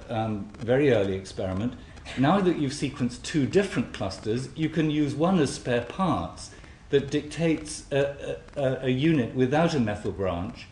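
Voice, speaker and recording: A man's voice: mid-range voice, a little mellow, a little hiss or hum. A man giving an academic symposium lecture in a lecture hall, wry and often restarting his sentences. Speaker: scientific speaker. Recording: roomy hall with faint ambience.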